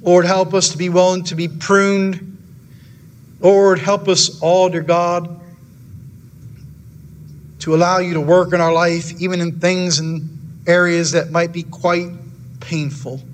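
A man's voice: high voice, level tone, slow pace, pauses often, slight background noise. A man preaching a sermon in a church in an earnest, repetitive way, then leading a prayer that keeps calling on the Lord. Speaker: pastor.

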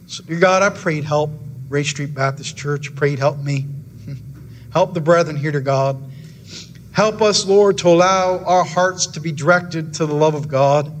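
A man with a high, light voice preaches in a church, earnest and repetitive. He keeps returning to the same phrases as he presses his point. A faint hiss of room noise sits under his voice. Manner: earnest, repetitive preaching with frequent "Lord" and "dear God". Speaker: pastor. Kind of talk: sermon and closing prayer.

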